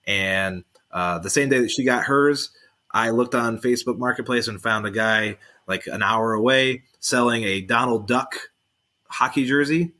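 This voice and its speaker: A man co-hosting a podcast, telling a casual story in a deadpan way and acting out other people's lines. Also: mid-range voice, normal speed. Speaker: podcast co-host.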